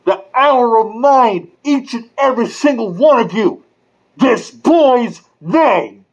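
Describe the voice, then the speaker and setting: An online commentator delivering an angry, profane rant with drawn-out, stressed words. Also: mid-range voice, lively intonation, highs cut off. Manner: furious, profane, emphatic.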